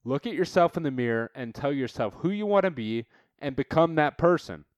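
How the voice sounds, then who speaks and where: A man's voice: mid-range voice, animated, fairly quick, no room sound, clean studio sound. A man hosting a podcast, delivering a profane, fired-up motivational rant, blunt and swearing constantly as he calls listeners dude. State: worked up and irritated. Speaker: podcast host.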